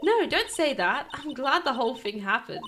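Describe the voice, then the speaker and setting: A woman voicing a composed, reserved woman managing an exhibit, speaking in a soft, measured way. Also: sits high, very animated, music in the background. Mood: grateful.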